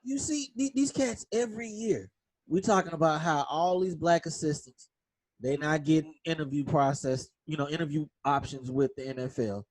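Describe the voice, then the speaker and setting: A man co-hosting a sports podcast in casual chat, emphatic and animated in how he argues his points. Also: moderate pace. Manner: emphatic, animated, drops into low tones for emphasis. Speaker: podcast co-host.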